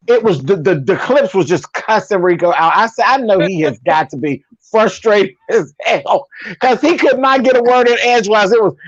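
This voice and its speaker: A woman's voice: lowish voice, no room sound. A woman hosting a casual, sassy gossip chat, cursing freely and laughing often. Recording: dull lo-fi sound.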